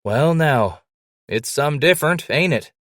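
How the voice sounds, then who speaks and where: A man voicing an old white-bearded mountain man who speaks in a loud, cheerful, folksy frontier drawl and quotes scripture. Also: expressive, unhurried, no room sound, studio quality. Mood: jovial. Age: older. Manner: booming folksy frontier drawl, Bible-quoting.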